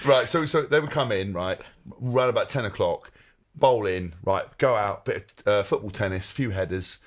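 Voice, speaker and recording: A man hosting a podcast, teasing and joking in quick banter. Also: on the low side. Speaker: podcast host, former rugby player.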